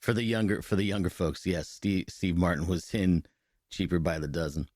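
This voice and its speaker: A man's voice: low-pitched, normal speed, a little mellow, no echo, clean studio sound. A man co-hosting a podcast, laughing as he retells prank calls and acts out the voices in casual chat. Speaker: podcast co-host.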